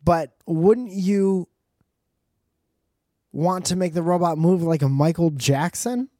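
A man's voice: fairly high pitch, takes it slowly, warm tone, no echo, clean studio sound. A man doing a rambling, profane comedic monologue with joking asides.

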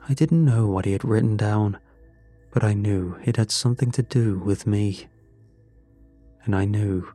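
Man reading a creepy story real slow, low mellow voice, faint music behind. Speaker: narrator. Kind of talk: scripted first-person story narration.

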